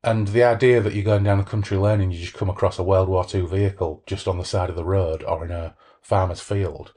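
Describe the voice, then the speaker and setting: A man's voice: low-pitched, steady tone, brisk, warm tone. A middle-aged man hosting a podcast, reading a novel aloud and then chatting in a rambling, self-deprecating way. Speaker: podcast host. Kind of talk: book reading and casual chat.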